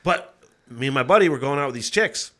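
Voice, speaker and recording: A man's voice: medium pitch, expressive, brisk, fairly bright tone. A man who is a guest on a podcast, chatting casually, swearing freely and laughing. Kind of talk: casual chat.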